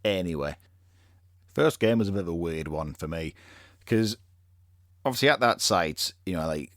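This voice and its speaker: A man's voice: low-pitched, expressive, moderate pace, a bit bright, no echo, studio quality. A man hosting a podcast, telling stories in a rambling, laid-back way, full of fillers and the odd swear word. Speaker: podcast host. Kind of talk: casual chat.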